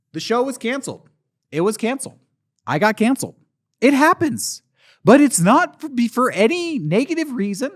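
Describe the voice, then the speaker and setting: A defensive, self-pitying voice actor rambles through showman patter, repeating himself as he goes, as a man plays him. His pitch rises and falls in lively swings. He sounds middle-aged. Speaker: convention panelist. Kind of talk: comedic character monologue at a panel.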